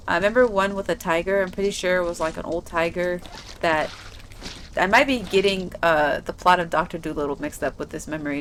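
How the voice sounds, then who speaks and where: A woman's voice: on the low side, a little hiss or hum. Rambling, chatty woman gamer. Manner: rambling, chatty, lots of "like" fillers. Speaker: gaming streamer. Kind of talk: casual gameplay chat.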